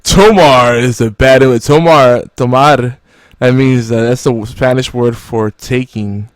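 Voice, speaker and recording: A man's voice: medium pitch, unhurried, no room sound, clean studio sound. A man hosting a casual podcast, rambling and joking with many fillers. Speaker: podcast host.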